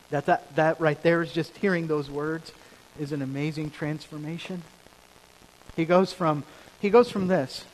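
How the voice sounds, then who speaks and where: A man preaching a sermon as pastor, building from quiet lines to emphatic ones and repeating key phrases. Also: fairly high pitch. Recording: hall reverb with faint rain hiss.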